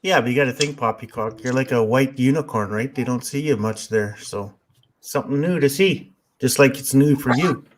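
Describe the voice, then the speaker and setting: A man chatting casually as a guest, calmly reasoning with the host. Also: medium pitch, normal speed. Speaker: stream guest. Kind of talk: casual chat.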